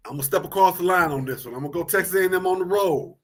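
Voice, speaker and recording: A man's voice: sits high, racing, fairly bright tone, soft background music. A man co-hosting a casual sports talk show, loose and repetitive, laughing easily as he talks picks.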